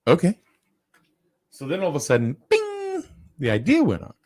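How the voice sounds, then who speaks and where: A man's voice: mid-range voice, huge pitch swings, rapid-fire, a little mellow, husky. A man hosting a casual chat, telling a long story with lots of fillers and restarts. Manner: rambling, with many fillers and restarts.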